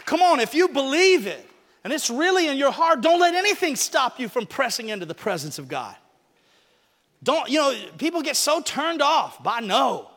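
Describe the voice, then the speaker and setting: A man preaching a lively sermon in church, acting out Bible stories in casual, slangy talk. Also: very high voice, normal speed, long reverb tail. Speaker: pastor.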